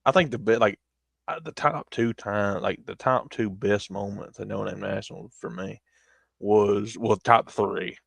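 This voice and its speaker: A man's voice: on the low side, unhurried, creaky, a bit bright, breathy edge, dry recording. A young man, rambling through stories in casual chat on a stream. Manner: rambling storytelling with frequent laughter.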